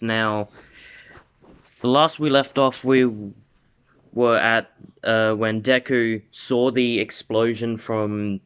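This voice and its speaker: Slow, rambling male storyteller. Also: lowish voice, clear, resonant tone. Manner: rambling, full of "like" and restarts. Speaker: video host. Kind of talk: casual fan-story retelling.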